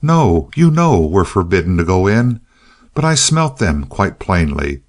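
A man voicing a boastful, gullible male wire-haired terrier in a storybook reading, in an eager, excitable manner. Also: low voice, measured pace, exaggerated voice. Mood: excited.

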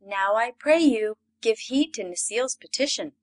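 A woman's voice: fairly high pitch, expressive, moderate pace, natural voice. A woman doing a gleeful, teasing fairy queen. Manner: bright, teasing.

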